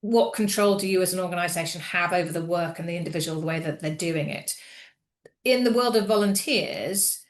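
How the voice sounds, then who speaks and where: Brief: woman, lowish voice, halting webinar presenter, roomy echo. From United Kingdom. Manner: hesitant, frequent fillers and restarts. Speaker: employment law speaker.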